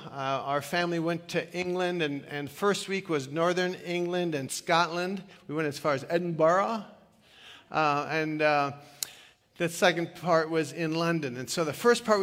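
Older pastor, chatty storytelling sermon. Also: male voice, a little high, moderate pace, fairly bright tone. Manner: chatty storytelling with self-deprecating humor and many fillers. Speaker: retired pastor. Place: church sanctuary. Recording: long reverb of a church hall.

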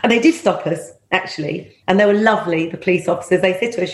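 A woman's voice: on the low side, quick pace. Middle-aged woman telling anecdotes. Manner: lively, laughs often, acts out quoted voices. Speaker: former police officer, interview guest. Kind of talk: anecdotal storytelling. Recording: roomy echo.

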